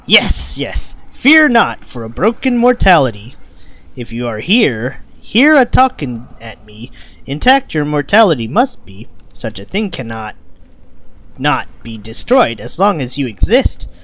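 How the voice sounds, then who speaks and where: A man's voice: medium pitch, big pitch swings, measured pace, a bit bright. A man voicing an ancient riddling hag. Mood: cryptic. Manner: riddling, inverted word order. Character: ancient female night hag, cryptic and possessive. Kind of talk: game dialogue read aloud.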